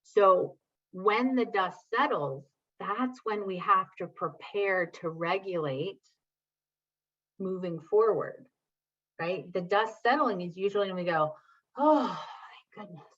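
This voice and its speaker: A woman's voice: mid-range voice, slow, highs cut off. A woman presenting a parenting workshop online, chatting with her audience, reading their comments, and often checking in with "right?". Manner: addresses audience and reads chat comments. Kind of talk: live online workshop talk.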